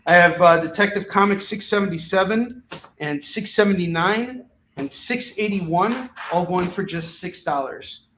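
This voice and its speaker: A chatty man runs a live sale from home, rattling off comic books and prices in easygoing patter. His voice is bright and a touch high, and it rings around an echoey room. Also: slight background noise. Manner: chatty, upbeat, laughs often, counts off books quickly. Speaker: host selling comics on a live stream. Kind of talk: casual live sales patter. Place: his home, with kids in the house.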